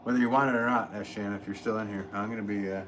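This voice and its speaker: Rapid-fire and fairly low in pitch, a middle-aged man chats casually on his pottery livestream. Steady noise sits in the background of the studio as he rambles, reads viewer comments, and keeps restarting and dropping in fillers.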